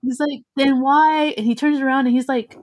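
A woman's voice: high-pitched, fairly even intonation, quick pace, darkish tone. Young woman telling a story. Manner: mixes English and Spanish, swears freely, laughs often. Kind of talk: casual chat.

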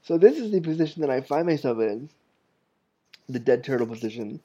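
A man's voice: mid-range voice, expressive, brisk, warm tone, breathy edge, highs cut off. Candid, chatty man telling stories. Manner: candid, chatty and self-mocking. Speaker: podcast host. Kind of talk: casual storytelling monologue.

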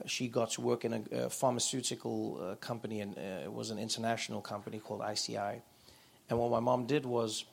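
A man, a guest author and comedian telling animated stories in a live on-stage conversation. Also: mid-range voice, vocal fry. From South Africa. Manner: animated storytelling. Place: live event room.

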